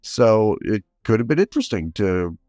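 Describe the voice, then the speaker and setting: A man's voice: on the low side, big pitch swings, normal speed, darkish tone, no room sound. A man co-hosting a film podcast in casual chat, speaking bluntly and critically. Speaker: podcast co-host.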